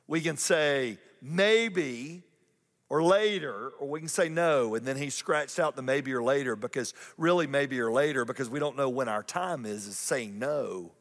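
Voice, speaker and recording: A male pastor preaching a lively sermon, repeating phrases and climbing higher in pitch for emphasis. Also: unhurried, big-room sound. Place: church auditorium.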